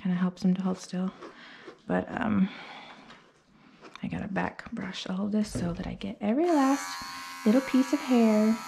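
This young woman has a mellow, mid-range voice with vocal fry, a normal pace and long pauses. Chatty and casual, she vlogs her dog grooming, explaining what she's doing and cooing baby-talk at the dog, recorded on a camera mic in a grooming room where dryer and clipper noise runs behind her.

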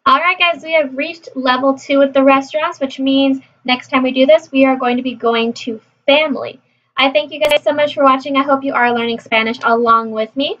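A woman's voice: high-pitched, steady tone, a little fast, a bit bright, faint music behind. A woman vlogging her language practice in casual chat, repeating phrases aloud to her viewers. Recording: dull lo-fi recording.

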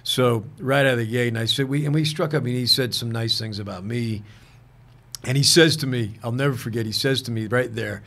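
A man, a guest actor, telling anecdotes in a casual interview, earnest and halting, restarting sentences and often saying "man". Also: mid-range voice, fairly bright tone. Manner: peppers speech with "man".

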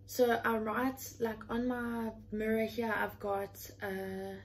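A woman's voice: on the high side, little pitch movement, slow, gravelly, rough recording. A woman in her twenties talking in a casual, heartfelt way from her room at home, earnest and chatty, often leaning on the word "literally.". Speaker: vlogger.

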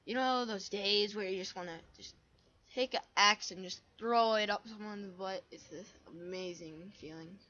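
A woman's voice: mid-range voice, moderate pace, pushed and bright, lo-fi sound. A woman giving casual, goofy commentary while playing a game, full of silly sound effects. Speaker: gamer.

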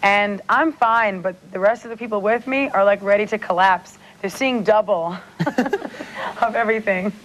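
A woman's voice: mid-range voice, moderate pace, a bit bright, rough recording. A woman appearing as a guest on a talk show by remote link, chatty, giggly and self-deprecating. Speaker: celebrity guest. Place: remote link from New York.

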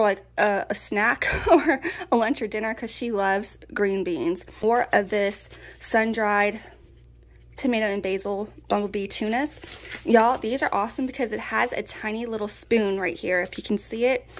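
A woman, chatting casually through a food haul. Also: medium pitch. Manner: chatty, folksy, laughs often. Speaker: prepping vlogger. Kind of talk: casual pantry haul chat.

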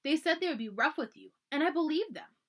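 A woman's voice: high-pitched, animated, a little fast, fairly bright tone, voice pushed up. A woman reading aloud and voicing a brave, spirited colonial girl of about ten who talks urgently and pleads.

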